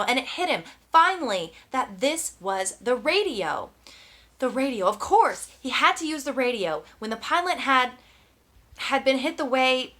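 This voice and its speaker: A woman's voice: on the high side, pushed and bright. A woman narrating an audiobook with tense, dramatic storytelling. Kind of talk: scripted narration.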